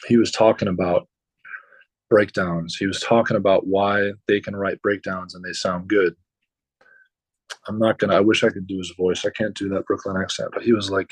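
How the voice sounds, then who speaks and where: A musician telling stories about touring with other bands in a loose, rambling way, with lots of fillers and swearing. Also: male voice, sits low, little pitch movement, moderate pace, slightly rough, dry recording, low-quality recording. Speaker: musician guest. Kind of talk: casual storytelling.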